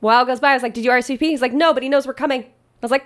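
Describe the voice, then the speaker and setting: High-voiced woman, chatty wedding-planner host, laughs a lot, casual reaction talk. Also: very fast. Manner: chatty, laughs often, animated.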